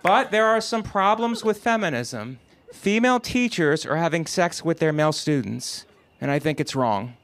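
A middle-aged man doing a stand-up set, delivering jokes punchily with sudden loud rants, and dropping to a quiet, measured tone in reflective asides. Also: a little high, lively intonation. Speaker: stand-up comedian.

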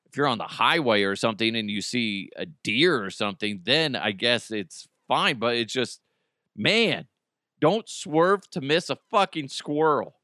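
Blunt, profane podcast host with bright voice. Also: male voice, mid-range voice, lively intonation, measured pace, dry recording, studio quality. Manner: profane, blunt, self-mocking, laughs often. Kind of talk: casual solo podcast rant.

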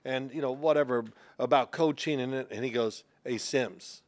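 A man's voice: medium pitch, fairly even intonation, moderate pace. Older man telling football stories. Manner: storytelling, mock-defensive. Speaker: co-host, former player. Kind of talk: casual sports chat.

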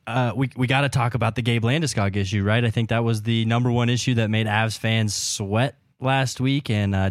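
A man's voice: mid-range voice, no room sound, studio quality. A man co-hosting a sports podcast, chatting and steering the conversation to the next topic. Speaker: podcast co-host. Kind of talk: casual sports podcast chat.

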